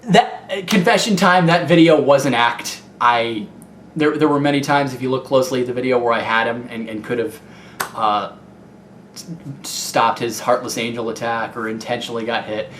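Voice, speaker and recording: A man's voice: medium pitch, normal speed, fairly bright tone. Rambling young Midwestern guy in an echoey room. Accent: Midwestern American. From Ohio. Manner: rambling, candid, many fillers and restarts. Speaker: YouTube gaming video maker. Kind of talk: casual Q&A vlog. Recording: echoey room with faint noise.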